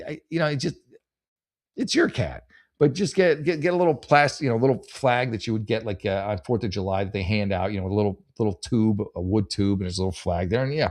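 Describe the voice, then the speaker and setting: A man hosting a casual comedy advice show, rambling sarcastically with profanity and stammered restarts. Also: fairly low pitch. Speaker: podcast host giving advice. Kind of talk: casual comedic advice chat, reading posts aloud.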